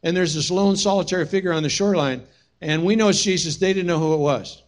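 A man's voice: sits high, quick pace. A man preaching a sermon as pastor, telling stories with humorous asides. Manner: storytelling, humorous, animated asides.

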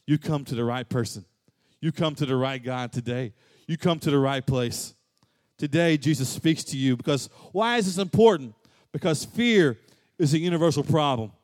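A man preaching a sermon as pastor, swinging from loud and emphatic to soft and hushed. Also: a little high, long reverb tail.

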